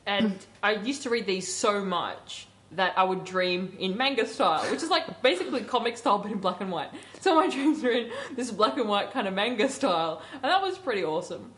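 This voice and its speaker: A woman's voice: mid-range voice, lively intonation, fairly quick, hardly any pauses, a bit bright, a little hiss or hum. A young woman co-hosting a casual radio chat show, telling a story animatedly and laughing often.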